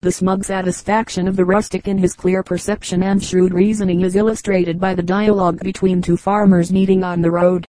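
Mellow woman reading humorous anecdotes. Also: fairly low pitch, a little fast, hardly any pauses, dry recording, low-quality recording. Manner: even storytelling read, voicing quoted lines. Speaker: audiobook narrator. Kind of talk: scripted narration of short humorous anecdotes.

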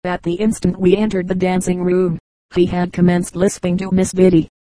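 Woman reading an old story, lowish mellow voice, dry close mic. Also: level tone, moderate pace, no room sound, poor audio. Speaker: audiobook reader. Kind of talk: scripted narration.

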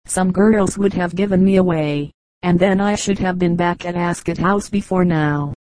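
A woman's voice: on the low side, normal speed, darkish tone, no room sound, close to an everyday voice. A woman voicing a scruffy, proud runaway boy who speaks earnestly and a little defensively, in an audiobook reading.

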